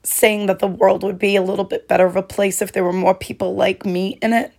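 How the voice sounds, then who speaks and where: A woman hosting her own podcast, talking alone in a heartfelt, reflective way, her voice hoarse and cracking. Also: medium pitch, flat delivery, a little fast, darkish tone. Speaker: podcast host. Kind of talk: solo podcast monologue.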